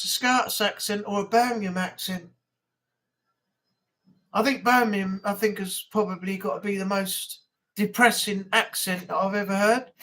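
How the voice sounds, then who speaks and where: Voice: mid-range voice, fairly bright tone. A livestream host with a broad northern English accent chatting casually and rambling, often repeating words and using fillers. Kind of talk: casual live chat.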